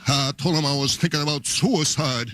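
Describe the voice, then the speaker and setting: A man doing an impression of a gruff, put-upon older comedian, firing off self-deprecating one-liners. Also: fairly high pitch, bright, forceful tone, a little hiss or hum. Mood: complaining. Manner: rapid one-liners, self-deprecating, tagging lines with "you know". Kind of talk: stand-up impression.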